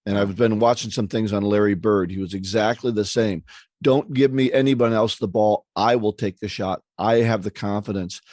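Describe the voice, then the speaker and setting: Wry low-voiced man, podcast co-host. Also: fairly even intonation, a little mellow, no room sound, clean studio sound. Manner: wry, joking asides, quick quips. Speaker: podcast co-host, speaking trainer. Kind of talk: casual podcast conversation.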